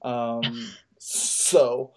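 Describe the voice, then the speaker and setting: A podcast co-host spins a long story in loose, profane casual chat, laughing at his own misfortunes along the way. He speaks very slowly at an ordinary middle pitch, with little pitch movement.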